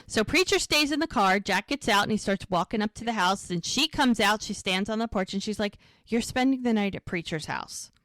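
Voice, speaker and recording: A woman co-hosting a podcast, recapping a TV episode in a casual, animated way and quoting the characters as she goes. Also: mid-range voice, fairly quick, few pauses, no room sound. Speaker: podcast co-host.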